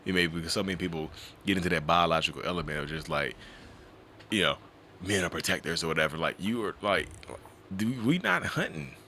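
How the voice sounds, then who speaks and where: A man talking as a podcast guest in an animated, casual way, often slipping into voices to act out what people say. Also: deep voice, brisk, a little hiss or hum. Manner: animated, slips into acted voices. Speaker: podcast guest, mental health advocate.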